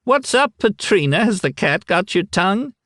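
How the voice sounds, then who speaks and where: A man's voice: high-pitched, sing-song, normal speed, a bit bright, no echo, studio quality, pitched above the performer's own voice. A man reading an audiobook, voicing a cheeky young lad who teases and mocks. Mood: mocking. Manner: taunting and teasing.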